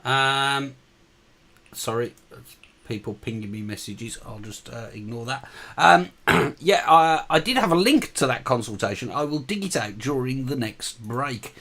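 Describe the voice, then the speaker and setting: A man co-hosting a casual online chat show, talking in a halting way with many fillers and restarts. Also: medium pitch, bright, forceful tone. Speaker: co-host.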